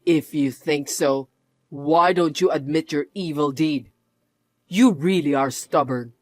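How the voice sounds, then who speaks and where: In a narrated drama, a man acts as a mocking, controlling young husband who scolds and laughs often as he sneers. His voice is on the high side and darkish, he speaks slowly, and there's no echo.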